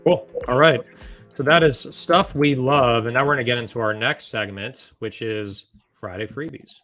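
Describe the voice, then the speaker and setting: A man's voice: mid-range voice, moderate pace, fairly bright tone, no echo, soft background music. A man hosting a podcast, chatting casually with guests and reading sponsor notes with joking asides. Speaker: podcast host.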